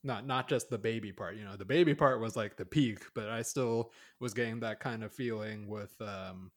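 A man's voice: on the low side, moderate pace. A man co-hosting a casual podcast, rambling through a film review with many fillers and restarts. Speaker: podcast co-host.

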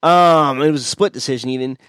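A man's voice: medium pitch, fairly quick, a bit bright, clear, resonant tone, no room sound, studio quality. A man hosting a podcast, chatting casually and bluntly about fight picks over a video call. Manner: blunt, opinionated, talks through fighters' records. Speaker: podcast host. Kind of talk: casual fight-pick chat.

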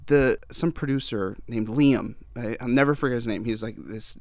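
Gravelly-voiced man telling a story. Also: medium pitch, moderate pace, darkish tone, no room sound. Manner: rambling, full of restarts and laughs. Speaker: guest singer-songwriter. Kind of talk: casual chat.

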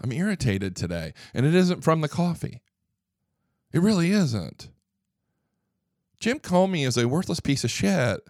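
A man's voice: a little high, big pitch swings, measured pace, long pauses, darkish tone, no echo, clean studio sound. A man hosting a political commentary show, ranting indignantly, swearing freely and stumbling over repeated words when worked up. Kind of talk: opinionated political monologue.

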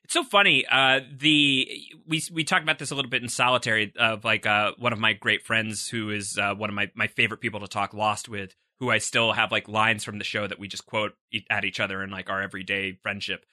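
A man co-hosts a casual podcast in a crisp, very bright voice. His talk is loose and chatty, full of restarts and easy laughter. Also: fairly low pitch, fairly even intonation, fairly quick, hardly any pauses, no room sound, studio quality. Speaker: podcast co-host recapping a TV series. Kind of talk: casual chat.

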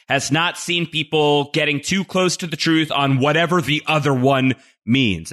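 A man co-hosting a podcast, recounting an interview he did in a quick, animated way. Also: fairly high pitch. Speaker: podcast co-host and TV critic. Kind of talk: casual podcast discussion.

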